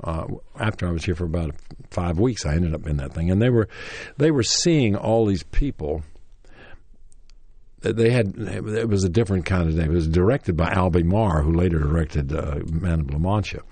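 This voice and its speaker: A man's voice: deep voice, moderate pace, warm tone, no room sound. An older man with a Tennessee accent telling a long, rambling story about his early acting days, full of restarts and chuckles, who acts out quoted lines in a livelier voice. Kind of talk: anecdotal storytelling interview.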